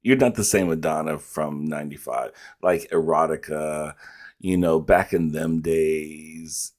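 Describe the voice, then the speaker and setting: A man's voice: extremely low pitch, unhurried, a little mellow. A man hosting a reaction video, chatting casually and rambling with frequent laughs and restarts.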